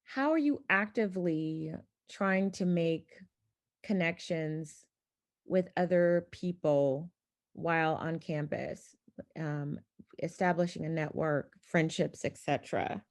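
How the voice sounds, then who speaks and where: Unhurried woman interviewer. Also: low-pitched. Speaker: host interviewer.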